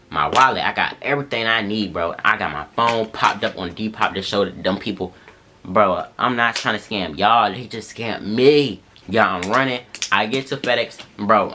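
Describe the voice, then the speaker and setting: A young man casually telling a story to viewers, animated and full of slang. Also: on the low side, moderate pace, a little hiss or hum. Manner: animated slangy retelling, addresses viewers as y'all and bro.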